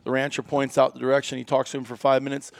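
A man's voice: mid-range voice, completely flat delivery, fast talker, gravelly. A middle-aged American man, a company founder, telling a long story in a casual interview, rambling with many fillers and restarts.

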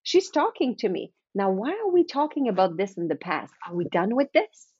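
A woman voicing a chatty female inner personal assistant in a quick, higher sing-song. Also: sing-song, darkish tone, slightly rough, dry recording, dull audio. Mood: chirpy.

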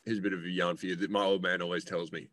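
Man, low voice, casual podcast chat, animated and sweary. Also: very fast. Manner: animated storyteller who swears freely and acts out other people. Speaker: comedian co-host.

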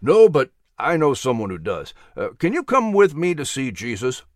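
A man's voice: medium pitch, wildly swooping pitch, moderate pace, no room sound, clean studio sound. A man voicing a keen, friendly young disciple in a storybook reading. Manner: eager, urging. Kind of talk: storybook narration.

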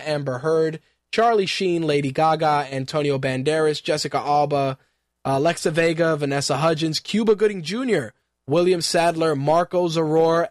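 A man's voice: on the high side, no echo, studio quality. A man in his thirties hosting a radio talk show, giving casual news commentary in an offhand, joking way with frequent fillers and restarts.

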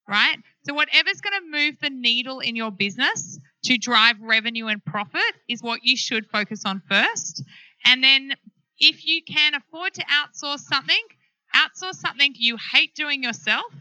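Frank, lively woman founder on a panel; slightly high, dry close-miked voice. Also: no echo, poor audio. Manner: animated, frank storyteller. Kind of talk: live panel discussion.

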